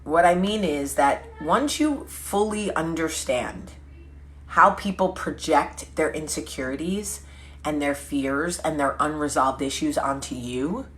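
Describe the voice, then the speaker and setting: A woman hosting a casual vlog chat, telling stories with quick asides and self-corrections. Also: deep voice. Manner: chatty storytelling with quick asides; lively, laughing, self-correcting. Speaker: vlog host.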